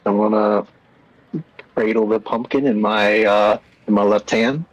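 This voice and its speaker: A man's voice: lowish voice, fairly even intonation, measured pace, low-quality recording. A playful man taking part as a player in a tabletop game, laughing often. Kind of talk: casual tabletop play.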